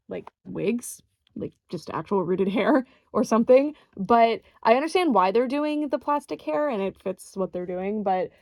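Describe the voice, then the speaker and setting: A woman's voice: medium pitch, creaky, a little mellow, dry recording. A young woman reviewing collectible dolls in a chatty, enthusiastic way, with fillers and small laughs. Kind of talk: casual unboxing review.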